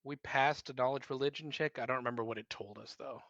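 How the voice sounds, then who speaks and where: A man's voice: mid-range voice, steady tone, quick pace, creaky, a bit bright, dry recording, dull audio. A man playing in an online tabletop game, grumpy and swearing freely in casual chat. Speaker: player.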